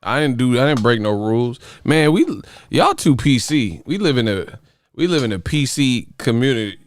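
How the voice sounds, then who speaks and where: A man's voice: mid-range voice, normal speed. Profane, laughing man host. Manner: profane, laughing, animated rants. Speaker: boxing channel host. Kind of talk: casual live-stream chat.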